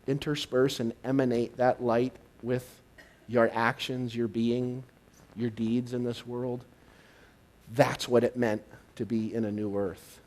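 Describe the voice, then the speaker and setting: A male minister giving a live sermon, swinging from hushed and intimate to loud and excited. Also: mid-range voice. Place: church service, live.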